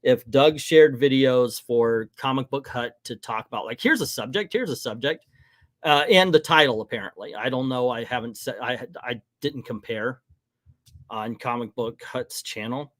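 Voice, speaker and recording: A man's voice: mid-range voice, normal speed, a bit bright, no echo, studio quality. A middle-aged man hosting a casual livestream, talking in a rambling, frank and hesitant way in front of a green screen. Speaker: livestream host.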